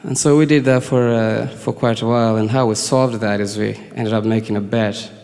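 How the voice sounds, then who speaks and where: A man's voice: fairly low pitch, steady tone, moderate pace, darkish tone. A nervous man from Kenya telling a story on stage at a concert venue, hesitant, with many fillers and chuckles. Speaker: singer-songwriter performing live. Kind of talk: storytelling between songs on stage. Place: concert venue before an audience. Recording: long reverb of a live venue.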